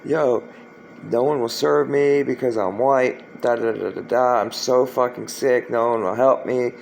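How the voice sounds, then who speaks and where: A man's voice: mid-range voice, fairly even intonation, a little slow, vocal fry, a little mellow, slight background noise. A man quoting a whiny, pleading sick stranger. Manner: whiny, begging, slangy. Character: sick, pleading undercover man asking for help.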